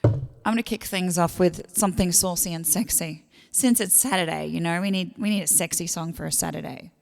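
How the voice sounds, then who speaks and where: A woman's voice: fairly low pitch, brisk, vocal fry, darkish tone, in a large hall. A young Australian woman hosting a livestream concert from home, chatting casually with viewers, greeting them by name and thanking them for tips, with plenty of fillers. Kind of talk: casual livestream chat between songs. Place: at home during lockdown.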